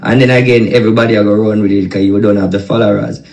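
Blunt Jamaican man, gravelly, in an echoey room. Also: lowish voice, steady tone, rapid-fire, darkish tone, a little hiss or hum. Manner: insistent, blunt.

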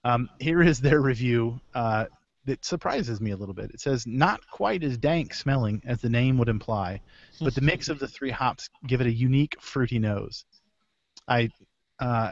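A man hosts a relaxed beer podcast, wandering through the week's releases with a rambling, self-correcting manner. His voice comes over a video call that sounds dull and dry. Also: mid-range voice, no echo. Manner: rambling, self-correcting, chuckles between items. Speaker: podcast host. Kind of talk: casual beer podcast chat.

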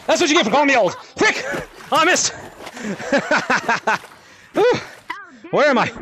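A man in his thirties excitedly shouting and laughing through VR gameplay commentary from his apartment, on a headset mic. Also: extremely high pitch, takes it slowly, pauses often, a crowd in the background. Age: 30s. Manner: shouty, playful, laughing a lot. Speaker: gaming content creator.

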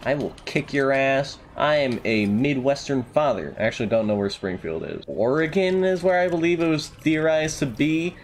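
A man giving let's play commentary, jokey and excitable, swearing and yelping at the game. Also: medium pitch, moderate pace, hardly any pauses, slight background noise. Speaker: gamer.

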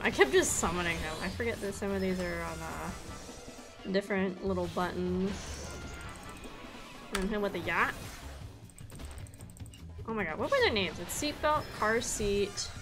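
A young woman streaming a game, bubbly and excitable, chatting with her viewers while she plays. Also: fairly low pitch. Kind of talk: casual live-stream game chat.

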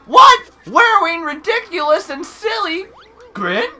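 A man voicing a peppy little male mole teacher in a high, excited, choppy way while reading game text. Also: slow, heavily acted.

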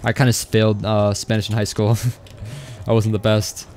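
A man's voice: on the low side, monotone, moderate pace, darkish tone, slight background noise. A young man live-streaming a game, chatting casually and reading out viewer messages as he plays. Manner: casual, rambling, reads chat aloud. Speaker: gaming streamer. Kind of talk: live stream chat while gaming.

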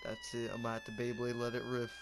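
Over a noisy background, a young man talks fast in a monotone, medium-pitched voice. He's casually commentating on a game he's playing, rambling goofily, yelping and laughing.

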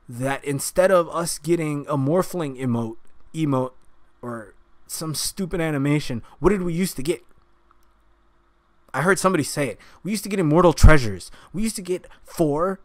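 Man, fired-up streamer rant, swearing, slightly high voice, dead dry sound. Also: dry recording. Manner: angry ranting, frequent swearing. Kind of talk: heated gameplay commentary. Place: at a gaming computer while streaming.

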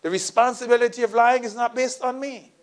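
High-voiced pastor telling a story in a sermon. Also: male voice, steady tone, brisk. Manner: storytelling, shifts between soft asides and raised emphatic lines.

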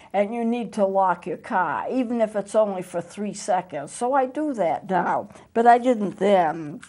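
A woman's voice: medium pitch, a little mellow. A woman pastor hosting a TV show, telling a personal story in an earnest, conversational way with some hesitant restarts, recorded in a TV studio.

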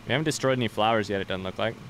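A man's voice: fairly low pitch, rapid-fire, a bit bright, slight background noise. A young man streaming a game live, chatting loosely with viewers and swearing casually as he plays.

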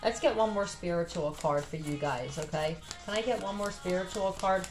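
Philly woman doing a tarot reading, swears a lot, tired, echoey room with soft music under it. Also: lowish voice, normal speed. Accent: Philadelphia. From Philadelphia area. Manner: blunt, profane, chatty. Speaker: tarot reader. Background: faint music.

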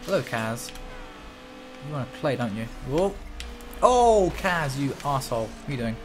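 Animated man doing game commentary. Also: mid-range voice, normal speed, noisy background. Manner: animated, joking, sweary. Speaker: gaming channel host. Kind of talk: let's play commentary. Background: background music.

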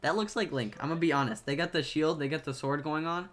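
A man's voice: on the high side, fast talker, fairly bright tone. A young man streaming live, chatting casually and reacting playfully to viewer drawings.

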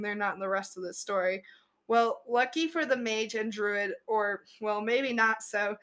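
Unhurried, slightly high-voiced woman storyteller. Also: fairly bright tone. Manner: chatty, laughs at her own story. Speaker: podcast host and player. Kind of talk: storytelling a tabletop game recap.

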